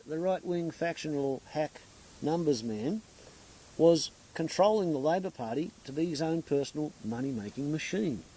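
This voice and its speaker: A man's voice: a little high, dark tone, slightly rough, low-quality recording. An Australian man ranting about politics in an unscripted monologue, sarcastic, crude and scornful. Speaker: political commentator.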